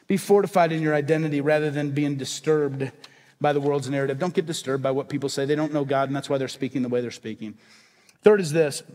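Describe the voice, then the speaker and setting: A man's voice: on the high side, a little mellow, big-room sound. A male pastor preaching a sermon with emphatic, repeated rhetorical questions. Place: church sanctuary.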